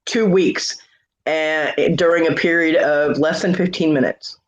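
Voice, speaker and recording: A woman's voice: low voice, steady tone, measured pace, slight background noise. A middle-aged woman telling a funny family story in a casual chat, laughing often and acting out the quoted voices. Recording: dull lo-fi live stream audio.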